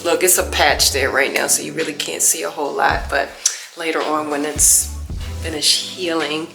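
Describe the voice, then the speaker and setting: Middle-aged woman vlogger, lowish voice, lively exclaiming chat that sinks to quiet musing, faint music underneath. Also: moderate pace, creaky. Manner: animated and exclaiming, many restarts, drops to soft musing. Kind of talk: casual chat to camera.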